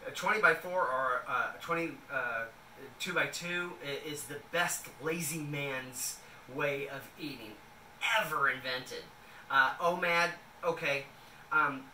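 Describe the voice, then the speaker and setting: A man's voice: fairly high pitch, unhurried, bright, forceful tone, slight background noise. A man in a casual home kitchen vlog, talking in a loose, rambling way with many fillers as he makes a salad. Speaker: vlogger. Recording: echoey room, a bit distant.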